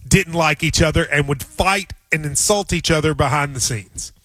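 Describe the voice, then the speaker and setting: A man's voice: a little high, normal speed, fairly bright tone, no room sound. A man hosting a sports radio show in a casual, teasing, chatty way.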